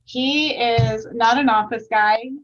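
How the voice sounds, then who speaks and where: A woman guest chatting in a lively way on a video call, laughing often and getting louder when amused. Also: on the high side, takes it slowly. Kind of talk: casual interview chat. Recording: distant, dull remote mic.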